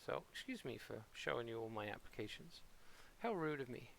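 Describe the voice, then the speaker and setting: Gravelly Portsmouth man streaming a game. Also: mid-range voice, very animated, a little fast, fairly bright tone, a little hiss or hum. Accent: Portsmouth English. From Portsmouth, England. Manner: rambling, playful and self-mocking. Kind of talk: casual live-stream commentary.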